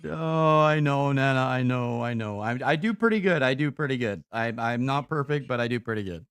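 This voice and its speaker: A young man talks casually on a live stream while on a phone call, tired and loose, with frequent swearing. His voice is smooth and clear. The mic is close and dry, with no room sound. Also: mid-range voice, brisk, a bit bright, no echo. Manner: casual and profane, laughing easily.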